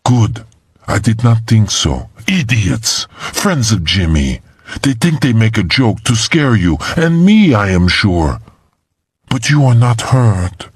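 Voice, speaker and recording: A man voicing a young Frenchwoman with a French accent, affectionate and insistent, breathy and pleading. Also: lowish voice, big pitch swings, slow pace, dry recording, full character voice. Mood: soothing. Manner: breathy and pleading, drops to a whisper.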